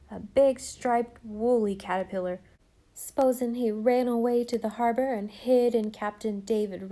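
Mellow-voiced woman reading a children's novel. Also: medium pitch. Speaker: audiobook narrator. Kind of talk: scripted narration of a children's novel.

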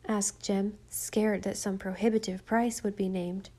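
A woman narrating a children's storybook. Her reading is gentle and even, unhurried and clear, in a middle-pitched voice. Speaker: audiobook narrator.

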